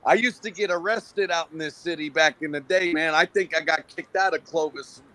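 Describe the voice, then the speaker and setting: Bright-voiced man telling a street story. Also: fairly high pitch, a little fast. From Fresno area. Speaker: livestream caller. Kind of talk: casual livestream chat.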